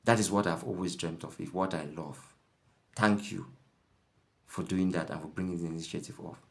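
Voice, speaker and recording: A man voicing a calm, gentle wife who speaks softly and quietly. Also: deep voice, moderate pace. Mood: soothing. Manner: soft, quiet, pleading.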